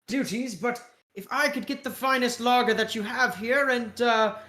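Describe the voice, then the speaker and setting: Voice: medium pitch, moderate pace, pushed and bright, echoey room, pitched above the performer's own voice, close to an everyday voice. A game master voicing a tall, boisterous German businessman with a British accent, jovial and grandly polite.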